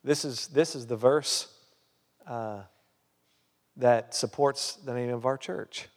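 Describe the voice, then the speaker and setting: A man's voice: medium pitch, takes it slowly, big-room sound. A man preaching a sermon as a pastor, emphatic, with many rhetorical questions. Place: church hall.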